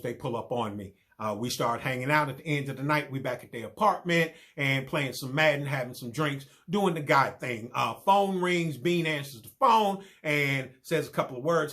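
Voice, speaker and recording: A middle-aged man, telling a funny story as a comedian, animated and rising to excited yelps. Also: mid-range voice.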